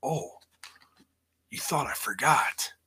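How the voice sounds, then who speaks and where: A man's voice: mid-range voice, expressive, takes it slowly, sharp tone, husky. A man hosting a podcast, recapping wrestling in a rambling, blunt way and swearing freely. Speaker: podcast host.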